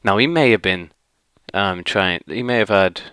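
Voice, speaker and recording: A man's voice: lowish voice, normal speed, a bit bright, smooth, no room sound, studio quality. A man from northwest England, ranting casually as a vlogger, rambling and exasperated with many fillers.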